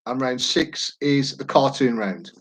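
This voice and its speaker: A man's voice: medium pitch, expressive, a little slow, a bit bright, low-quality recording. A man, hosting a quiz live from home in a chatty, jokey, rambling way. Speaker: quiz host. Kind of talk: casual live-stream chat.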